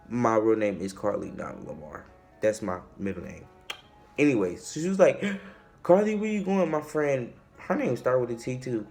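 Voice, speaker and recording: A young man telling a casual storytime tale. He is animated and slangy, and he acts out the quotes and the shouting. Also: mid-range voice. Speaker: vlogger.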